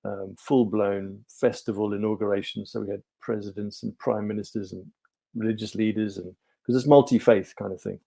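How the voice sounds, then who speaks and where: Man, middle-aged, lowish pitch, mellow tone, rambling, lots of ums. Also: steady tone, normal speed, gravelly, breathy edge. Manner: rambling, many ums and restarts. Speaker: podcast guest, life coach. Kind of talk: relaxed storytelling interview.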